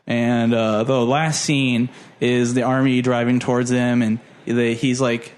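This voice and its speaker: Young male podcaster, chatty and animated, mid-range voice, rambles through a movie recap. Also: medium pitch, a little slow, smooth. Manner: animated retelling with lots of "like", puts on silly voices for characters. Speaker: podcast co-host. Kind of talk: casual movie plot recap.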